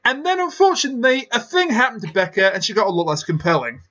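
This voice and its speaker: A podcast host leading a casual review chat, reacting quickly and expressively. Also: medium pitch, big pitch swings, a bit bright. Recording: dull lo-fi audio.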